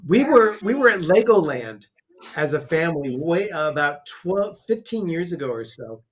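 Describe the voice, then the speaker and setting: Male co-host, slightly higher voice, chatty storyteller, casual. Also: sing-song, moderate pace, husky. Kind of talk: casual watch-party commentary.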